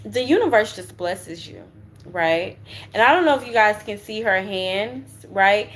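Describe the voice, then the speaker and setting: A woman's voice: medium pitch, lively intonation, unhurried, a little hiss or hum. Chatty woman giving a tarot reading. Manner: chatty and slangy, with frequent "right?" and cussing. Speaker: tarot reader. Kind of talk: casual spiritual tarot reading.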